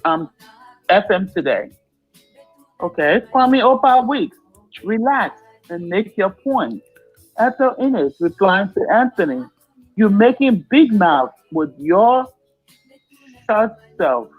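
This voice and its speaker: Slow-reading radio host. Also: medium pitch, big pitch swings, slightly rough, phone-quality sound, faint music behind. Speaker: radio show host reading listener comments. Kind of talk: reading out live comments.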